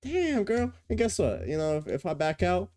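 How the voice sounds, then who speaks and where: Incredulous woman with a lively voice. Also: normal speed. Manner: incredulous, slangy, swings from low mutters to squealing outbursts. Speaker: reaction commentator. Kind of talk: reaction commentary.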